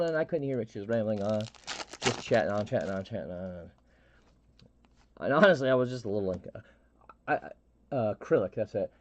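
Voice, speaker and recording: A middle-aged man hosting a live stream, telling a story in a halting, rambling way with many restarts and fillers. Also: lowish voice, expressive, dull audio, a little hiss or hum. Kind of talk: casual storytelling chat.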